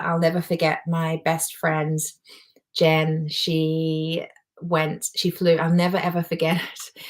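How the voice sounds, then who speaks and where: A woman, a life coach giving a heartfelt, personal motivational talk to a live audience. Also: deep voice. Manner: heartfelt, emotional, warmly personal.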